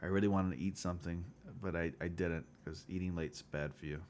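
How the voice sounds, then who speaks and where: A man's voice: sits low, steady tone, a little fast, darkish tone, a little hiss or hum. A man hosting a casual livestream chat, rambling with lots of filler words and chuckling often. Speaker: livestream host.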